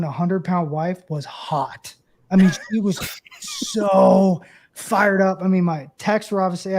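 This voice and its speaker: A man in his thirties, a former catcher guest, telling stories in a casual interview and acting out the voices of the people in them. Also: high voice. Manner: animated storyteller, acts out quoted voices.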